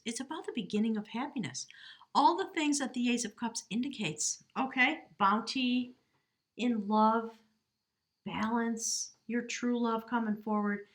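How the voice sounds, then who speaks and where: A woman giving a casual tarot reading to camera, chatty and heartfelt, talking straight to the viewer. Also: fairly high pitch. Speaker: tarot reader.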